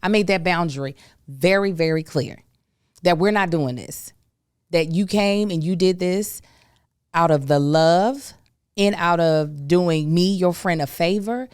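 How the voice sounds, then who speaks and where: A woman hosting a podcast, telling a story in a casual, emphatic, animated way with folksy asides. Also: on the low side, a little slow, smooth, dry recording, studio quality. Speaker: podcast host.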